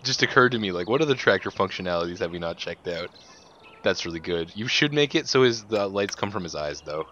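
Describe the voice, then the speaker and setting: A man co-hosts a gameplay video of a farming game, chatting casually and laughing often. His voice is expressive, fairly bright and a little fast. The muffled low-fi mic carries a faint hiss.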